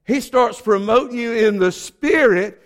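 High-voiced Southern preacher from Georgia. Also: male voice, measured pace. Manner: emphatic preaching, swings between quiet asides and loud exhortation. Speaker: pastor. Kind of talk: sermon.

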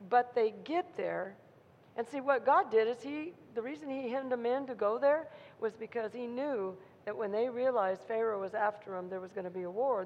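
A woman preaching a sermon, telling a story in an animated way and acting out the voices of a frightened crowd. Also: a little high. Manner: animated, acts out crowd voices with rising intensity. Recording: muffled sound in a reverberant hall.

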